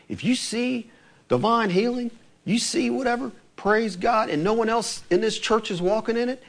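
A man delivers a sermon in a casual, talky way, his voice sitting a little above the usual male range. He stretches out key scripture lines slowly and plays the voices of the people he quotes, with small laughs between points. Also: high-pitched, big pitch swings. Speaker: preacher.

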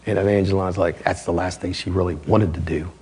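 A man's voice: deep voice, fairly even intonation, fairly quick, a little mellow, breathy edge. A male pastor delivering a sermon in an emphatic, conversational way.

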